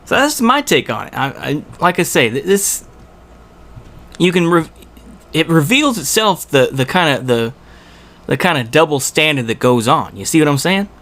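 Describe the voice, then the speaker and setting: Guy ranting thru a reaction vid, kinda high voice, rambly and fed up. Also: sing-song, normal speed, a bit bright. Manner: rambling, exasperated, rhetorical asides. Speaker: video commentator. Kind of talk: reaction commentary.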